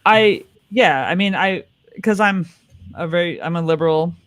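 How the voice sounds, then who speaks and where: A man's voice: high-pitched, moderate pace, a bit bright. An American comedian man, telling a story in a laid-back, casual way on a comedy panel. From California, USA.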